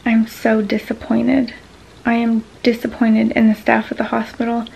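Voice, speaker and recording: Raspy-edged woman venting in a vlog. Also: fairly high pitch, completely flat delivery, normal speed, darkish tone, a little hiss or hum, poor audio. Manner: frustrated, venting, many ums. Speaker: vlogger sharing a medical experience. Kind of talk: casual talking-to-camera vlog.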